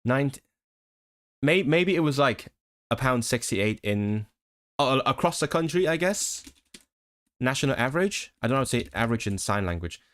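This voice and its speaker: A man's voice: mid-range voice, sing-song, moderate pace, long pauses, a bit bright. A man chatting casually with his live-stream viewers, rambling with frequent laughs and restarts.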